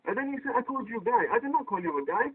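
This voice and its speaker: A man's voice: extremely high pitch, lively intonation, racing, husky. A man in a heated online debate, pressing his opponent with repeated, insistent questions. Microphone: poor quality microphone. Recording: tinny phone-like voice chat line.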